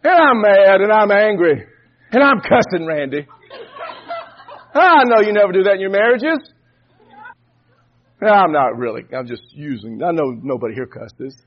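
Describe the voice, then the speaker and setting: A man's voice: high-pitched, animated, normal speed, pauses often, muffled recording. A man preaching a sermon, telling a folksy story and often repeating and restarting words.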